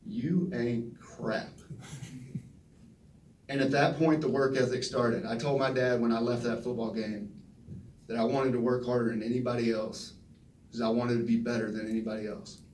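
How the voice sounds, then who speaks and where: Guy in his thirties spinning folksy stories, mid pitch, faint room hum, sounds kinda far off. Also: moderate pace, pauses often. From Texas. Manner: folksy, animated storyteller acting out quotes. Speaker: retiring football player at press conference. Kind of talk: storytelling speech. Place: press conference room. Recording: roomy echo from a distant mic.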